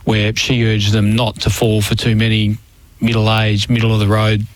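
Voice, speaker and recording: A man with an Australian accent discussing football on radio in a measured, analytical way. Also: on the low side, monotone. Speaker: football commentator. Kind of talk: sports radio chat.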